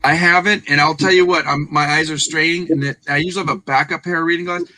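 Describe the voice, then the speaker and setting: Bright, chatty male livestream co-host. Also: a little high, steady tone, fast. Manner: chatty, hypes up viewers in the chat. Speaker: podcast co-host. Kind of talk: casual livestream chat.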